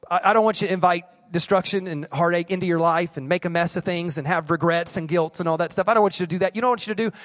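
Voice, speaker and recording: A male pastor delivers a church sermon with a slightly high voice. He pleads earnestly and repeats key phrases for emphasis, speaking straight to the people in front of him. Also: in a large hall. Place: church service.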